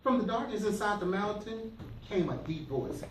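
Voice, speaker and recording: A man reads a storybook aloud to his students, animated and playful, and pauses often to quiz them. He is captured from the back of an echoey classroom, with clear background noise. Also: high voice, far from the mic. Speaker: teacher.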